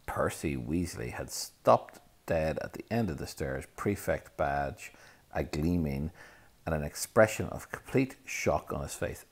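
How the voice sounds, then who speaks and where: A man narrating a storybook in a steady, measured way. His voice is very deep, with a gravelly fry running through it. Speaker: audiobook reader. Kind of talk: storybook reading.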